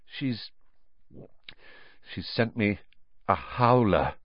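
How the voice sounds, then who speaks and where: A man's voice: mid-range voice, sing-song, drawn-out words, breathy edge, dry recording, voice pushed up, exaggerated voice. A male narrator voicing a panicky schoolboy who gasps out short dismayed lines, in a dry, dull recording. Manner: gasping, dismayed.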